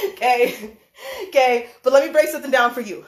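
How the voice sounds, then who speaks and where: A woman with a high voice rants on a live stream from a room indoors. She is animated and laughs often, and she swears while she repeats her points for emphasis. Her phone mic picks up a roomy echo. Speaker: livestream host, dance choreographer. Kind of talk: heated livestream rant. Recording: echoey room.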